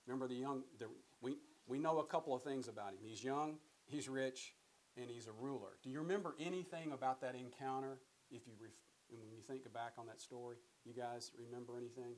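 A man's voice: medium pitch, brisk, poor audio. A man teaching a Bible study in a conversational way, often repeating words and putting questions to his listeners. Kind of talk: sermon-style Bible teaching.

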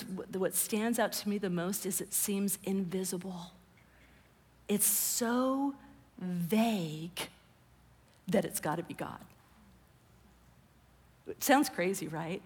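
A woman's voice: medium pitch, slightly rough, in a large hall. A woman preaching a conversational sermon, often dropping her voice to a whisper for emphasis.

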